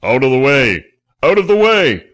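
A man voicing a huge, booming strongman who shouts orders in a storybook reading. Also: very animated, normal speed. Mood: commanding.

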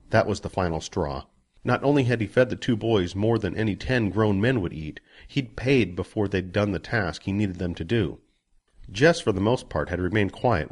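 A man narrating a story as an audiobook, expressive and giving each character a voice. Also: sits low.

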